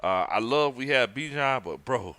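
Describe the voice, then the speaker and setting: A man's voice: medium pitch, expressive, normal speed, pushed and bright, dry recording. A man, co-hosting a live watch-party stream and calling the plays in a chatty way, laughing often and stumbling over names. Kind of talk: live play-by-play commentary on a stream.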